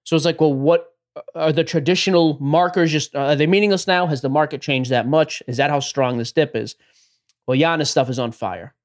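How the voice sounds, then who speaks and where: Upbeat man co-hosting a podcast. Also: on the high side. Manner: upbeat, runs the rundown, quick asides. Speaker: podcast co-host. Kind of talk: casual podcast chat about sports cards.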